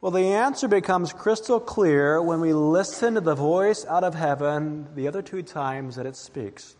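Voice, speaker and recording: A man preaching a sermon as pastor, dramatic, dropping to a hush and then rising to emphatic peaks. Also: fairly high pitch, moderate pace, long reverb tail. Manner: dramatic, swings from hushed to emphatic.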